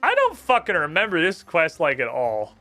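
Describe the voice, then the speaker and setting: A male streamer giving excitable, profane commentary while playing and reading game text aloud. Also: a little high, moderate pace, faint music behind. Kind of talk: casual gaming commentary.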